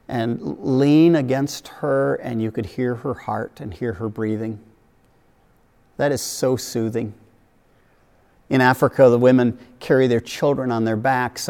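Earnest male preacher in a reverberant hall. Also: medium pitch. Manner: gentle, earnest preaching with soft dips and lively acted quotes. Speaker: pastor. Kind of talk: sermon. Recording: long reverb of a large hall.

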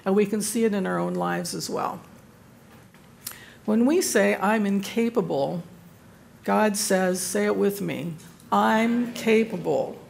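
Older lady teaching bible study, gravelly voice, jokey about herself, faint hiss behind her. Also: mid-range voice, a little slow, pauses often. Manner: warm self-deprecating humor. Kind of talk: devotional talk to a group.

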